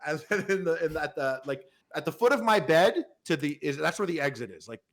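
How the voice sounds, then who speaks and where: A man's voice: on the high side, lively intonation, brisk. A man telling a long, rambling story on a podcast in casual chat, swearing freely and full of fillers. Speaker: podcast panelist.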